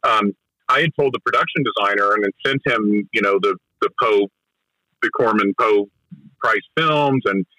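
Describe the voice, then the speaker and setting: A man's voice: fairly low pitch, normal speed, sharp tone, no room sound, rough recording. A man, a film director, eagerly recounting production stories in an interview, often restarting his sentences. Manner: enthusiastic storyteller with frequent restarts. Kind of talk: conversational interview anecdote.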